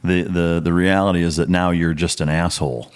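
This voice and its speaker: A man's voice: low-pitched, steady tone, brisk, clean tone. A man hosting a podcast, making dry, crude quips in casual chat. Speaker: podcast host.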